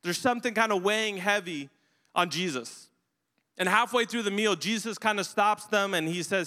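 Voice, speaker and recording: A man's voice: high voice, normal speed, pushed and bright, long reverb tail. A man preaching a sermon as a pastor, telling the story in a casual, humorous way.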